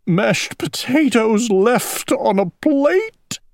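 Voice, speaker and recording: A woman voicing a gentle, earnest male owl who frets and weeps in a picture book read-aloud; Chinese is her first language. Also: sits low, big pitch swings, slow, no echo, clean studio sound, full character voice. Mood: sobbing.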